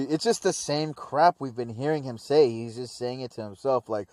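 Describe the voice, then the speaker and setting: A man's voice: medium pitch, moderate pace, a little mellow, dry recording. Brief: laid-back guy reviewing an episode, slangy and rambling, dry close-miked sound. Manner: slangy, rambling, lots of dude and man. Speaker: anime reviewer.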